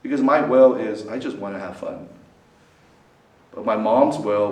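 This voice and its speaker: Speaking to a student group, this priest talks at a measured pace and pauses often, constantly checking in with "right?" and questioning his listeners. His delivery is lively, with dramatic rises and falls in pitch and volume for emphasis. Captured from afar in a student center meeting hall, the audio carries roomy echo and a faint noise floor.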